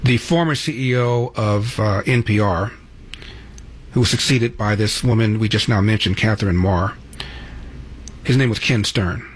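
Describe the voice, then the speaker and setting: A man's voice: fairly low pitch, normal speed, pauses often, breathy edge. A man in his seventies hosting a radio call-in show, telling stories in a chatty, conversational way. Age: 70s. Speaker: radio talk show host.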